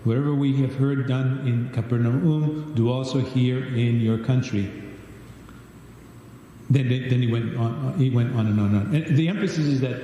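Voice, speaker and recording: A man's voice: medium pitch, steady tone, moderate pace, mellow, muffled recording. A man leading a Bible study, reading scripture aloud and asking questions of the group. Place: large church hall. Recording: distant echoey church livestream.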